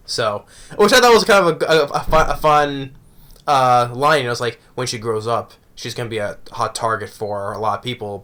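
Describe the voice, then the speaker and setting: A man with a bright, forward voice talks through an anime episode in a loose, casual review. He rambles and circles back, often checking in with a quick "right?". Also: medium pitch.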